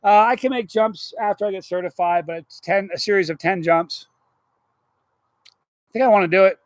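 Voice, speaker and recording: A middle-aged man hosting a casual live stream, rambling through stories and chatting with viewers in an animated way. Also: high voice, normal speed, no echo.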